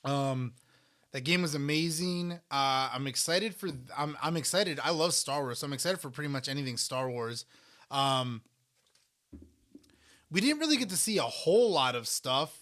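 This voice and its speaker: A man's voice: on the high side, lively intonation, moderate pace, a bit bright. A man co-hosting a casual eating podcast, rambling and restarting as he talks with food in his mouth. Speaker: podcast co-host. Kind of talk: casual chat while eating.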